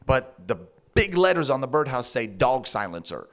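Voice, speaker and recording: A man preaching a sermon through a funny personal story, laughing often and acting out his own words in a high sing-song voice. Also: sing-song, normal speed.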